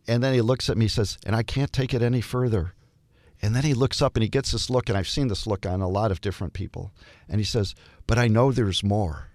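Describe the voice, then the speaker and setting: An older man, a hospital chaplain, telling stories in an interview and acting out the dialogue with lively shifts in voice. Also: lowish voice, fairly quick, no room sound. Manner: animated storyteller, acts out dialogue. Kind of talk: storytelling interview.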